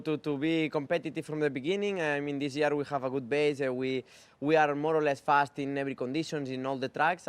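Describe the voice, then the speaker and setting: A man, a motorcycle racer, answering interview questions with halting grammar and many fillers. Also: medium pitch, clear, resonant tone. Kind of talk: press interview.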